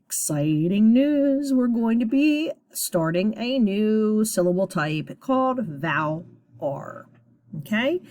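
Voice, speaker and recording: A woman teacher giving a recorded phonics lesson to young students, upbeat and sounding out each sound deliberately. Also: on the low side, a little mellow.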